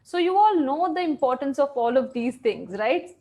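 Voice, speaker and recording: High-voiced woman teaching kids online. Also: normal speed. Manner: animated, quizzes the class and praises answers. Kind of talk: online class for children.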